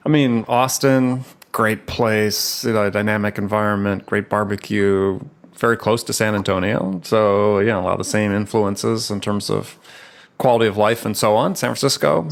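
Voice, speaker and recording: Gravelly male podcast host. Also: on the low side, steady tone, moderate pace. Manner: friendly, teasing, chatty. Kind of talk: casual interview chat.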